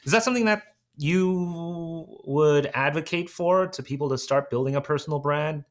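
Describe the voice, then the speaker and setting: A man's voice: fairly high pitch, normal speed. A man hosting a podcast interview, asking questions in a hesitant way with many fillers. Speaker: podcast host. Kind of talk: casual interview conversation.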